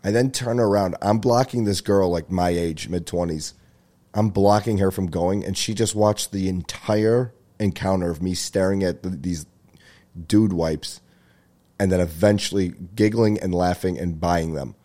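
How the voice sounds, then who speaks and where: A young man with a low voice tells a rambling comic story on his podcast. His tone is mellow and relaxed, and he jokes and swears casually as he goes. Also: unhurried. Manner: rambling, jokey, swears, laughs at own bits. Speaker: podcast host. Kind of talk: casual comedic monologue.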